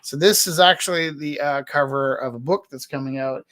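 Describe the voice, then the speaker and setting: A man's voice: fairly high pitch, moderate pace, noisy background. Rambling jokey man in his fifties. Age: 50s. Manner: rambling, self-deprecating, jokey. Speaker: artist auctioning his paintings. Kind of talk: casual live-stream chat. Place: art studio, indoors.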